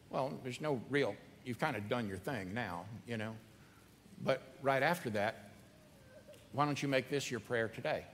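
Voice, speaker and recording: A man's voice: mid-range voice, animated, normal speed, pauses often, fairly bright tone, big-room sound, slight background noise. A man preaching a sermon in a conversational, earnest way, repeating phrases for emphasis.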